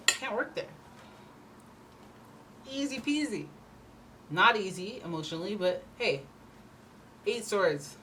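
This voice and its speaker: A woman's voice: mid-range voice, lively intonation, slow pace, long pauses, noisy background. A woman giving a casual tarot reading, chatty and blunt, slipping into playful mock voices. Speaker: tarot reader.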